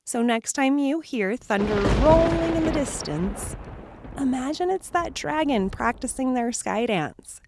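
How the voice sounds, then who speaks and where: A woman hosting a children's storytime, telling tales in a gentle, hushed, dramatic way. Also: high-pitched, lively intonation, measured pace, very noisy.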